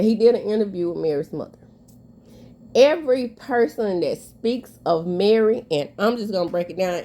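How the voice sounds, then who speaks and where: A woman's voice: medium pitch, a little mellow. A woman, giving casual, emphatic commentary with a stuffy nose. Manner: candid, emphatic, sassy. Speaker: commentary vlogger.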